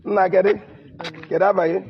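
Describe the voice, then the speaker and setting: A man questioning people in a loud, insistent voice, firing off short questions. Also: high voice, level tone, fast talker, slight background noise. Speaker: interrogator. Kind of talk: rapid questioning. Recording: lo-fi muffled recording.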